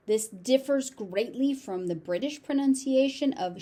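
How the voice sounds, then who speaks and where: Woman, General American accent, pronunciation tutor, very slow and careful, repeats each word. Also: medium pitch, lively intonation, darkish tone.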